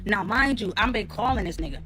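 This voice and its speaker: A woman's voice: mid-range voice, lively intonation, brisk, music in the background. A woman telling a personal story in casual speech, rambling with fillers and swearing freely. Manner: rambling with many fillers, acts out quotes loudly. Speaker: storyteller in a reaction clip. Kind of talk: casual storytime, profane and candid.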